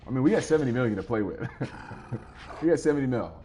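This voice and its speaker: A man's voice: medium pitch, animated, very fast, dark tone, a little hiss or hum. A man casually chatting with viewers while he plays a game live, easygoing and rambling as he answers their comments. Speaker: streamer playing a game live.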